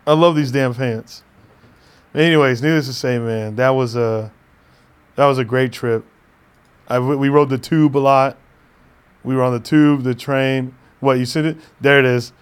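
A man's voice: medium pitch, fairly even intonation, normal speed, long pauses, clean tone. A man chatting casually as a podcast co-host, laid-back, laughing often and swearing now and then. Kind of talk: casual chat.

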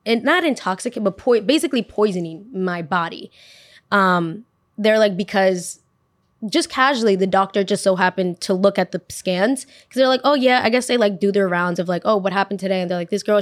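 A woman's voice: mid-range voice, dry recording, clean studio sound. A young woman telling a personal story in casual podcast storytelling, acting out what everyone said. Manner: animated, acts out quotes of others. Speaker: podcast host.

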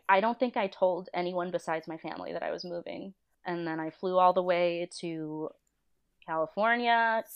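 A woman's voice: medium pitch, smooth. A woman in her thirties, a storyboard artist, chatting casually as an interview guest and telling stories with lots of laughter and acted-out quotes. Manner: animated storyteller, laughs often, acts out quoted voices. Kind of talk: casual chat.

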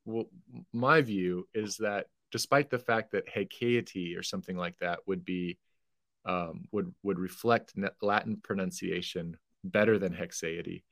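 A man's voice: sits low, steady tone, a little slow, gravelly, a bit bright, no echo, studio quality. A man on a podcast as a guest, explaining philosophy carefully and correcting himself as he goes.

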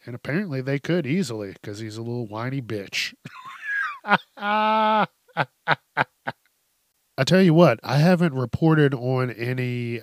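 A man's voice: mid-range voice, no room sound, studio quality. A man hosting a podcast, ranting bluntly in casual chat, swearing freely and laughing often. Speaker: podcast host. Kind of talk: casual solo rant.

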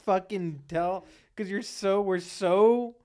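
A man's voice: high voice, slow, mellow. A man co-hosting a comedy podcast, chatting casually and joking crudely with plenty of swearing. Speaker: podcast co-host.

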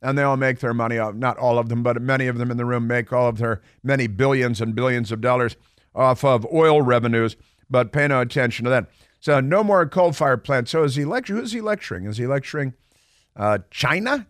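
A man's voice: medium pitch, brisk, smooth, no room sound. A man hosting a talk radio show, delivering a sarcastic monologue with mocking asides from a studio microphone.

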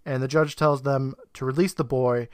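A man's voice: mid-range voice, fairly even intonation, normal speed, no room sound, clean studio sound. Man recapping a show, laid-back. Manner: laid-back storytelling, laughs often. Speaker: podcast co-host. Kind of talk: casual episode recap.

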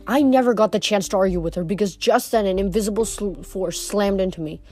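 A woman reading a novel aloud in steady first-person storytelling, with occasional stumbles and rereads. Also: mid-range voice, brisk, hardly any pauses, soft background music. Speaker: reader.

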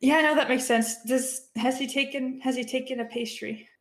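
A woman's voice: high-pitched, normal speed, reverberant, poor audio. Hesitant woman playing a tabletop game. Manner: hesitant, laughing, lots of fillers and restarts. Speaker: player. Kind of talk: tabletop role-play.

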